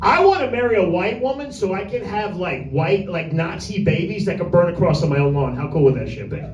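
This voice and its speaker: High-voiced crude stand-up man. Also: animated, fairly quick, dull audio, slight background noise. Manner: crude, rambling, teases audience members by name. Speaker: stand-up comedian. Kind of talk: stand-up set rehearsal. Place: small room with a tiny audience. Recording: echoey room, voice from far off.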